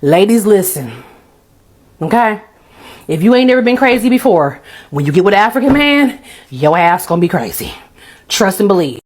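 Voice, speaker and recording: A woman's voice: medium pitch, sing-song, moderate pace, long pauses, darkish tone. Woman, blunt direct address to camera. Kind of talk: casual skit commentary.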